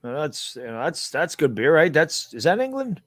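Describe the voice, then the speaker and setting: A man's voice: fairly high pitch, sing-song, normal speed, no room sound, clean studio sound. A man co-hosting a casual sports talk show, blunt and full of rhetorical questions, with mild cursing as he argues about football. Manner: blunt, rhetorical, swears mildly.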